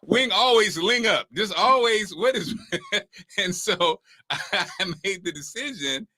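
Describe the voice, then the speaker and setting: Bright, high-voiced man hosting a chat. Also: takes it slowly, dry recording. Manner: laughs through his points, animated storytelling. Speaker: podcast host. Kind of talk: casual chat.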